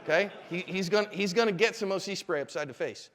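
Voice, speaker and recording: A man's voice: high voice, fast. A middle-aged man, a self-defense instructor, giving a live seminar talk and telling stories animatedly, acting out the people in them. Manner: animated storyteller, acts out quotes. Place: convention hall. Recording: echoey hall reverb.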